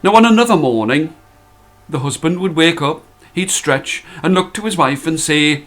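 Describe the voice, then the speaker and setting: A man telling a folk tale, with a playful, rhythmic way of repeating phrases and slowing down for effect. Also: on the high side, animated, fairly bright tone. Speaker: storyteller. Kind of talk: told folk tale for children.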